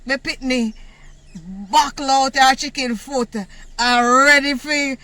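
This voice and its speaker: A woman from Jamaica with a Jamaican accent, telling a personal story in a casual, animated way, laughing often and using patois words. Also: high-pitched, slow pace, dry recording. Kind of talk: casual story time monologue.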